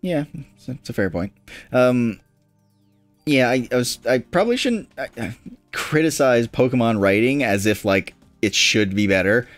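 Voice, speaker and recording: A man's voice: mid-range voice, lively intonation, moderate pace, faint music behind. A young man co-hosting a let's play, making wry, laughing remarks. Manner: wry, laughing, dry asides. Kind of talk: casual gaming commentary.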